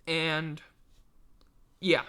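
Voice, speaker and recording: Tired man, sports podcast host, bright tone, blunt and sarcastic. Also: a little high, level tone, very slow, smooth. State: tired, yawning. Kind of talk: casual sports recap.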